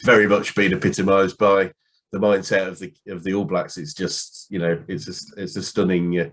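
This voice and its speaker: A man's voice: sits low, level tone, normal speed, fairly bright tone. A man interviewing a business guest in casual chat, hesitant with many restarts and fillers.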